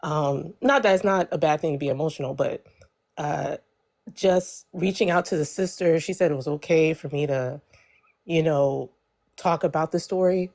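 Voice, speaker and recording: Young woman with a lowish voice rambling through a story, lots of likes and you knows, phone live chat. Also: normal speed, gravelly. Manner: chatty, lots of fillers, animated when quoting others. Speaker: live stream participant. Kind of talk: casual storytelling.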